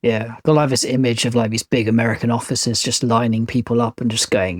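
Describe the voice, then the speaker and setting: A man co-hosts a casual podcast, cracking jokes at his own expense. His voice has a slightly husky edge and sounds dry and close to the mic. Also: medium pitch, fairly even intonation, fairly quick, dry recording. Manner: joking, self-mocking. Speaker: podcast co-host. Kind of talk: casual chat.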